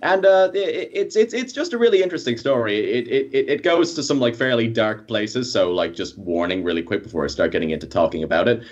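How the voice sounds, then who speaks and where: A man's voice: mid-range voice, lively intonation, a little fast, few pauses, lo-fi sound. An Irish man chatting as a podcast guest, earnestly going on at length about a film, heard over a remote call. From Ireland. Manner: earnest, long-winded film opinions. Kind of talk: casual chat.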